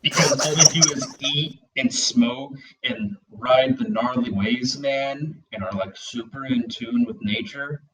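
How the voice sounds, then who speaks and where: Casual co-host, a man, mid-pitched, rambling and filler-heavy, heard a little off-mic. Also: a little slow, few pauses, far from the mic, noisy background. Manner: rambling, full of "like" and "you know", acts out bits. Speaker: podcast co-host. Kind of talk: casual chat.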